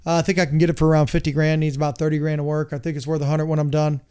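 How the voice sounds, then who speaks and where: A casual, vague novice investor who sounds hopeful and pitches his deal loosely, as a man puts him on. The voice runs fairly high and clear. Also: flat delivery, racing, darkish tone, natural voice.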